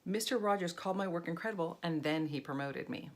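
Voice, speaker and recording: A woman voicing a cheerful, literal-minded housekeeper while reading a storybook aloud, in a bright, earnest delivery. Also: fairly low pitch, fast talker, natural voice.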